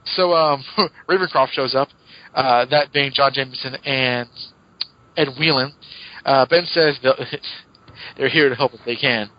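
A man's voice: medium pitch, measured pace, pauses often, dry recording. Chatty man recapping comics, dull sound. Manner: chatty, laughs often, retells plots. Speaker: podcast co-host. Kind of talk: casual comic book podcast chat.

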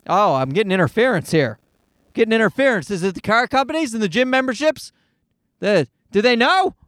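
A man's voice: sits high, expressive, brisk, fairly bright tone, no room sound. A man from Canada hosting a podcast, ranting in a casual, profane, worked-up way. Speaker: podcast host. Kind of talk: casual solo rant.

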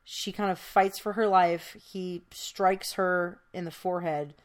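A woman's voice: on the low side, fairly even intonation, measured pace. A woman podcast host telling a true crime case in casual, chatty storytelling, with many fillers.

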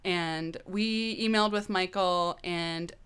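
Candid woman with a smooth, low voice. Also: slow pace. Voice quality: candid, animated, swears casually. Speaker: guest. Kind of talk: casual storytelling.

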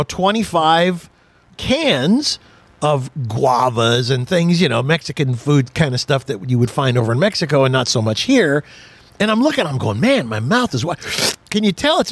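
A man's voice: a little high, no echo. An older man hosting a radio car show, chatting casually and telling jokey stories with frequent laughs. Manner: jokey, storytelling, laughs often. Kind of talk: casual chat.

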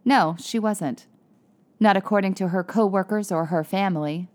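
A blunt, probing policewoman, read by a woman narrator in an audiobook. She asks pointed questions in a firm, steady voice. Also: medium pitch, normal speed, natural voice. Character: blunt, probing adult female police officer.

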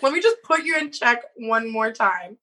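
A woman's voice: a little high, animated, moderate pace, bright, forceful tone, slight background noise, rough recording. A woman in her thirties, co-hosting a casual chat, retelling a story about messages with lots of laughter and fillers. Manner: giggly, reads messages aloud with frequent fillers.

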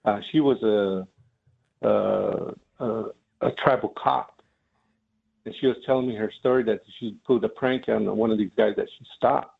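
A comedian calls in and tells his story slowly, pausing on ums and restarts. His voice is gravelly and husky. It comes over a thin, tinny phone line. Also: lowish voice, fairly even intonation. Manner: hesitant, lots of ums. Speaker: comedian guest. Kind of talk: storytelling on a call-in show. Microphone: telephone.

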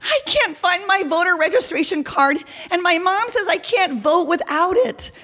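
Flustered first-time-voter teen girl, high and anxious, voiced by a woman storyteller. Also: expressive, moderate pace, fairly bright tone. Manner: breathless, anxious, rising questions.

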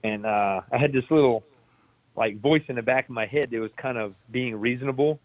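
A man's voice: medium pitch, fairly quick, no room sound. An army veteran telling a story in a laid-back, profane way, laughing as he goes. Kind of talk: casual storytelling. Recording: tinny phone-like line.

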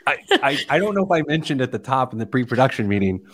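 Male podcast host from Indiana, jokey and rambling, mid-pitched. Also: sing-song, fast, fairly bright tone, a little hiss or hum. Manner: jokey, rambling, laughs at own stories. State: wired on caffeine. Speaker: podcast host, financial planner. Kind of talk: casual banter on a money show.

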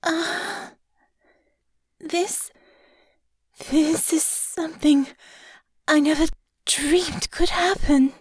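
A woman voicing a breathy, trembling young woman in whispered role-play. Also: high voice, slow pace, no echo, pitched above the performer's own voice. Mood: breathless. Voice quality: breathy, shaky.

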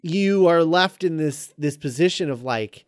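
A man's voice: a little high, expressive, clear, resonant tone, dry recording, clean studio sound. A man co-hosting a casual film podcast, talking with enthusiasm and lots of fillers and restarts. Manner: halting, enthusiastic, many fillers. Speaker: podcast co-host.

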